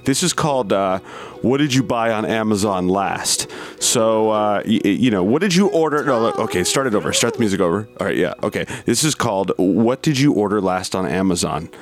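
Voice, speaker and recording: A man co-hosting a comedy podcast, delivering absurd bits with deadpan bravado. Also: lowish voice, fairly quick. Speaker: podcast co-host. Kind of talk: comedic improvised podcast banter.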